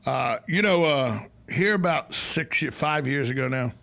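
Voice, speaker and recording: A man's voice: animated, a little slow, vocal fry, a bit bright. A man hosting a casual radio talk show, telling stories and acting out other people's voices. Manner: storytelling, acts out other voices in a higher pitch. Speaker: radio host. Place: radio studio.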